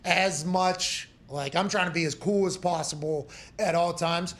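A man's voice: fairly high pitch, steady tone, unhurried, a bit bright. A man in his thirties, a former punter who hosts a sports talk show, telling stories in a heated, profane, joking way. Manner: profane, heated storytelling that slips into mocking voices.

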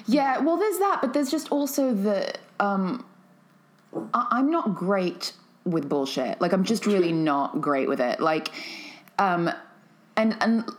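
A woman's voice: mid-range voice, slow pace. A woman from Nigeria, a guest talking candidly and animatedly in casual conversation. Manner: candid, animated, fond of voicing quotes.

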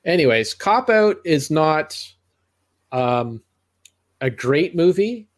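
A middle-aged man co-hosts a podcast, reviewing movies in casual, rambling chat full of restarts and asides. His voice is on the high side, with big swings in pitch, and he speaks slowly.

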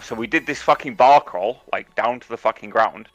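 An English man co-hosting a podcast, telling stories in a lively, swearing, casual chat. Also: mid-range voice, fairly quick, dry recording. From England. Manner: animated storytelling, heavy swearing. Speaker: podcast co-host. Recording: dull, dry lo-fi mic with faint music.

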